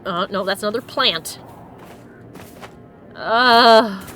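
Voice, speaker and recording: Soft music plays behind this woman's mid-range, fairly bright voice as she speaks slowly. She's a thirtysomething streamer from Connecticut, USA, giving casual let's-play commentary full of laughter and goofy puns.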